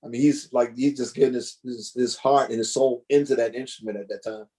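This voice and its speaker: A man, a drummer, telling animated, rambling stories over a video call, with lots of restarts. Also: medium pitch, fairly quick. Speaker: guest drummer. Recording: choppy internet connection.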